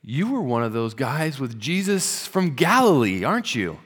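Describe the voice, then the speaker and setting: A man voicing a brash young servant girl who loudly calls out a stranger. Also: mid-range voice, big pitch swings, moderate pace, breathy edge, long reverb tail. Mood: accusing. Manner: loud, insistent calling out.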